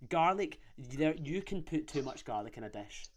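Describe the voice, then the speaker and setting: A man's voice: fairly high pitch, animated, moderate pace. Man, podcast host; casual, sweary, rambling, joking.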